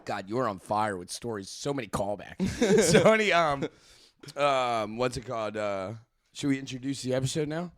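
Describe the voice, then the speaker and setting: A man co-hosting a podcast in casual chat, joking and quick to laugh, swearing freely. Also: medium pitch, lively intonation, no room sound, clean studio sound. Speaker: podcast co-host. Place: podcast studio.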